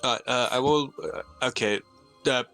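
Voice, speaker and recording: A man's voice: mid-range voice, a little slow, fairly bright tone, faint music behind. Hesitant man playing a tabletop game. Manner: hesitant, many fillers, describes his character's actions. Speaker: player. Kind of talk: tabletop role-play talk.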